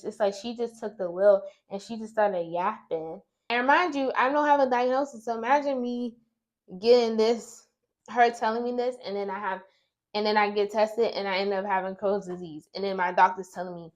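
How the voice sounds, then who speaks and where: A young woman vlogger telling an exasperated, animated story to her viewers while doing her makeup. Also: medium pitch. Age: young adult.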